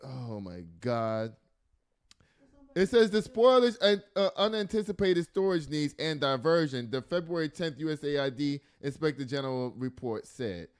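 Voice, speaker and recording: A man's voice: fairly high pitch, moderate pace, few pauses, smooth. A man hosting a casual news podcast, reading stories aloud and breaking off into exasperated, joking asides. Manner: laughs and jokes often. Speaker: podcast host.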